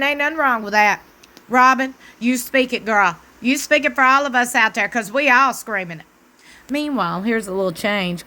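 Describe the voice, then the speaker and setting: A woman's voice: high-pitched, sharp tone. A woman with a Southern US accent giving a sassy, casual recap of a reality TV show. She talks back to the screen and adds preacher-like asides. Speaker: TV recap host.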